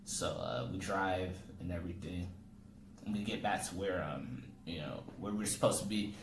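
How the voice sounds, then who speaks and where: A man's voice: sits low, moderate pace. A young man, a comedian, telling a comic story in casual talk and acting out the people in it with sudden jumps in his voice. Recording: echoey room with faint ambient noise.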